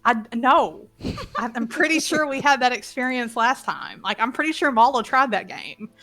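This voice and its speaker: Gal retelling last session, chatty and cussing, music under it. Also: female voice, a little high, normal speed. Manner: lively storytelling, swears freely. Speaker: player. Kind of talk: casual recap of a tabletop game.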